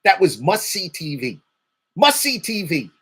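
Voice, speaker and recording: A man's voice: high-pitched, wildly swooping pitch, a little slow, a bit bright, slightly rough. A man hosting a casual sports talk show, rattling off stats, getting heated and swearing, repeating words for emphasis. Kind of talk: casual sports commentary monologue.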